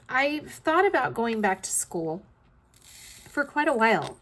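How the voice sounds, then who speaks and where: A woman's voice: on the high side, sing-song, unhurried, fairly bright tone. A woman in her fifties chatting casually in a rambling way, tired and yawning, her throat a little scratchy. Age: 50s. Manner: rambling, chatty, with frequent ums and yawns. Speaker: vlog host. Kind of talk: casual chat while crafting.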